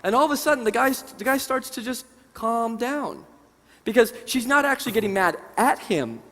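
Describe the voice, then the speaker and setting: Bright-voiced man telling stories on stage. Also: very high-pitched, normal speed. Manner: animated, conversational storytelling to an audience. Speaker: seminar presenter. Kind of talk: live seminar storytelling. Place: large conference hall. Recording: reverberant conference hall.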